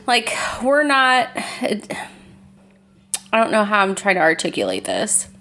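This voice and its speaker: A woman co-hosting a casual chat podcast, talking in halting bursts that restart mid-sentence and with some swearing. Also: medium pitch, huge pitch swings, creaky, sharp tone. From United States. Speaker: podcast co-host.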